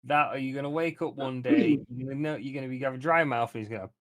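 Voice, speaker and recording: A man playing a tabletop game, joking and animated in banter. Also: medium pitch, quick pace, no room sound. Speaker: player. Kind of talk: tabletop role-play banter.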